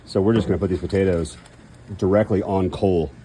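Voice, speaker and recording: A man's voice: low voice, fairly even intonation, fairly quick, mellow, slight background noise. A man in a casual cooking vlog, chatty and self-deprecating, thinking aloud as he grills outdoors. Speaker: home cook.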